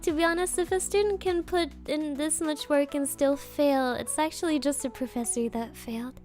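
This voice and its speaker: A woman's voice: high voice, fairly even intonation, normal speed, a little mellow, faint music behind. A woman VTuber chatting casually on a livestream, playful and bouncy, sniffly after crying, reading donations and dropping in Japanese words. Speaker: VTuber streamer.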